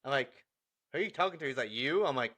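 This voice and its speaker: Animated bright-voiced man telling stories. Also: mid-range voice, quick pace. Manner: animated, laughing, acts out dialogue. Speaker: podcast co-host. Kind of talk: casual storytelling chat.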